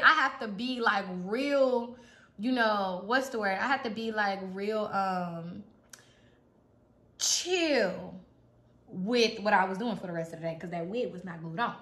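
A young woman with a Houston accent telling a funny storytime, laughing often, full of slang and acting out what people said. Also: mid-range voice. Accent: Houston, Texas. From Houston, Texas. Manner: animated, laughing often, slangy, acts out dialogue. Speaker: vlogger. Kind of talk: casual storytime. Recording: echoey room.

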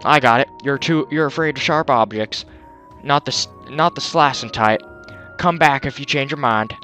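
A man on a headset mic voicing a gruff, smug middle-aged father with a put-on American Southern drawl, folksy and drawling. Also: medium pitch, moderate pace, bright, forceful tone, faint music behind, natural voice.

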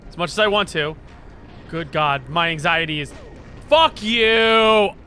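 A young man doing let's play commentary, excitable, swearing a lot and yelling at the game. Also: on the high side, normal speed, faint music behind. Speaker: gaming streamer.

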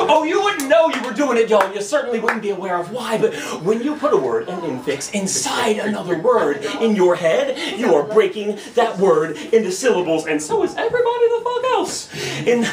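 A man's voice: high-pitched, roomy sound, recorded from a distance, background noise. A man with an American accent performing slam poetry on a bar lounge stage, rhythmic, emphatic and profane. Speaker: performance poet.

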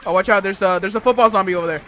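A young man giving live co-op gameplay commentary over a headset, excitable, swearing a lot and rapidly repeating himself. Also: sits high, slight background noise. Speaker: gaming channel host.

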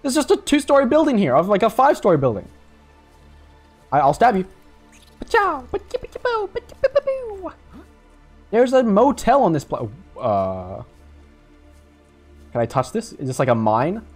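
Lively, jokey young man gaming. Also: high-pitched, moderate pace, long pauses, soft background music. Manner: jokey, rambling, swears and laughs. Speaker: gaming YouTuber. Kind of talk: casual gameplay commentary.

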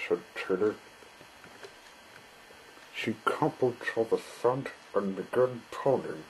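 A man reading a children's story aloud in a slow, plain way. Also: lowish voice, animated, slight background noise, poor audio.

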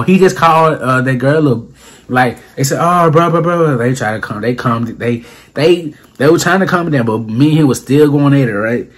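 A young man with a medium-pitched, slightly breathy voice tells a story casually in slang, like a storytelling vlogger. He's animated and acts out what people said, his voice jumping for each quote.

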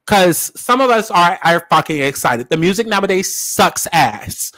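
A man's voice: high voice, lively intonation, normal speed, few pauses, fairly bright tone. A man giving casual pop culture commentary in a sassy, profane, emphatic way, repeating lines for punch. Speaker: commentary vlogger.

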